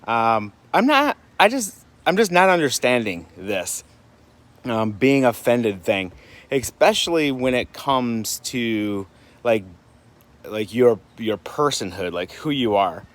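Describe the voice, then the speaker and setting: A man from Michigan talks straight to his viewers in a loose vlog style. He circles his point with fillers, restarts and rhetorical questions, his pitch sitting in the middle of the range. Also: sing-song, slow pace. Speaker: vlogger. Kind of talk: casual vlog talk. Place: home in Puerto Rico.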